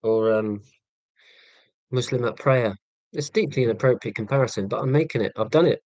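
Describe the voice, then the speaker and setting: A mid-range male voice at normal speed, slightly mellow, recorded dry with the highs cut off. He's an Englishman in his forties with a southern Hampshire accent, chatting casually with his live-stream viewers. He rambles in a self-deprecating, sarcastic way, hesitating with lots of ums and restarts.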